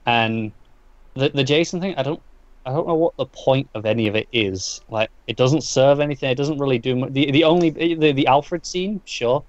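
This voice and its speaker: A man's voice: medium pitch, moderate pace, no room sound. Man recapping comics in dull lo-fi sound. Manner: rambling recap with frequent restarts and fillers. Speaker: podcast co-host. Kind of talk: casual comic book review chat.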